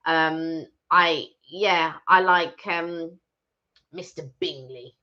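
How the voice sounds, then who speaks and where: A woman's voice: sits low, extremely slow, bright, forceful tone. A woman co-hosting a live stream, chatting casually and rambling with lots of restarts and fillers. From Britain. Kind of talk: casual chat. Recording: dull lo-fi live stream audio.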